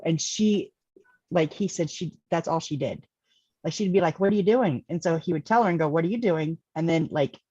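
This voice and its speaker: A woman's voice: on the low side, no echo, muffled recording. A woman co-hosting a casual chat, telling stories with frequent laughter. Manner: laughing, animated storytelling.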